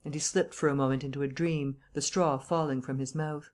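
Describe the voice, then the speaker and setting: A woman narrating an audiobook in a measured, even storytelling manner. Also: a bass voice.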